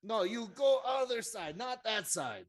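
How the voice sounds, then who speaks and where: A man putting on a pushy male official who barks orders in short, broken phrases. The voice jumps high and loud, swinging wide as he insists, and he plays it out in a tabletop game. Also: very animated, a little slow. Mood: insistent. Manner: shouting, insistent, clipped broken English. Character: bossy male game official barking rules in broken English.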